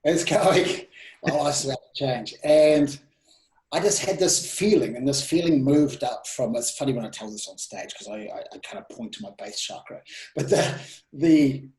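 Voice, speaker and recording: A man guesting on a podcast as a presenting mentor, telling personal stories in a casual, animated way, his voice rising and dropping sharply. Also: mid-range voice, moderate pace, roomy sound, rough recording. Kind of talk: casual storytelling interview.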